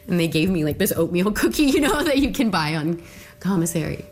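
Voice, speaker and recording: A woman's voice: lowish voice, lively intonation, quick pace, faint music behind. A woman being interviewed, telling her story in a casual, conversational way with lots of filler words. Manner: conversational, with frequent "like" fillers and quiet asides.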